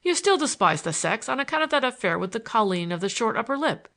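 A woman's voice: a little high, sing-song, fast, a bit bright, voice pushed up. A woman voicing a boisterous Irish man who teases and declaims with mock grandeur. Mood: teasing. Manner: mocking, declamatory.

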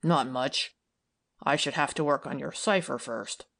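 A woman's voice: very deep voice, a little slow, gravelly, fairly bright tone, voice pushed down, exaggerated voice. A woman voicing a cynical, impatient male detective who speaks dryly and sneers. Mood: gruff.

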